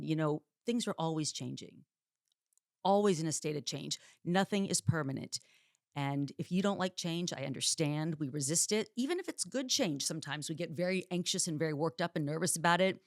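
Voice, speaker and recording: A woman hosting a solo podcast, telling personal stories in a candid, chatty way with dark jokes. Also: fairly low pitch, dry recording, clean studio sound. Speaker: podcast host. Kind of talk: solo podcast monologue, casual storytelling.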